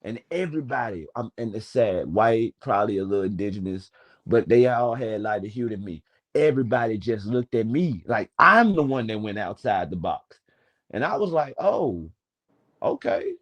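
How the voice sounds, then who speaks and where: A man's voice: fairly low pitch, lively intonation, normal speed, a bit bright, low-quality recording. A man in his twenties speaking in a casual, rambling storytelling way. He swears freely as he talks. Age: 20s. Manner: wordy, digressive, swears freely. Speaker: panel speaker.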